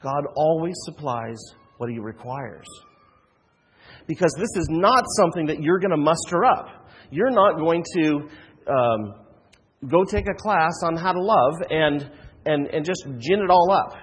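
A man's voice: on the high side, lively intonation, moderate pace, husky, big-room sound. A man preaching a sermon as a pastor, earnest, with frequent restarts and rhetorical questions.

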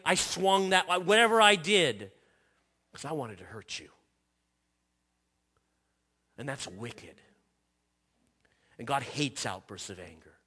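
Lively bright-voiced male preacher. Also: on the high side. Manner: earnest preaching with repeated phrases and restarts, dropping to soft quoted asides. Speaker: pastor. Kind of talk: sermon.

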